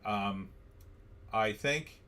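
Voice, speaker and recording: A man's voice: fairly low pitch, drawn-out words, sharp tone. A man hosting a political livestream, blunt and sarcastic, reading viewer comments aloud. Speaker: livestream host.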